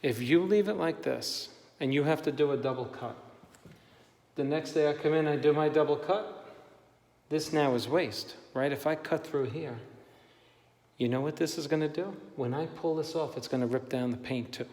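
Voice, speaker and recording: A man's voice: fairly high pitch, moderate pace, a little mellow. A man who hangs wallpaper for a living, giving an emphatic, repetitive on-the-job tutorial in a room of a house. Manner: emphatic, direct, repeats himself for emphasis. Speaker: wallpaper installer and painter. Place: room in a house being papered. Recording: echoey empty room with long reverb.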